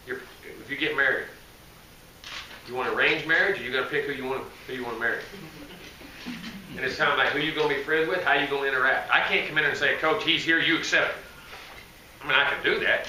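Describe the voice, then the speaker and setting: A man's voice: mid-range voice, bright, forceful tone, distant mic. A man, a head football coach answering press questions in a rambling, folksy, self-correcting way. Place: media day press room. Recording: echoey room, voice from afar, faint noise.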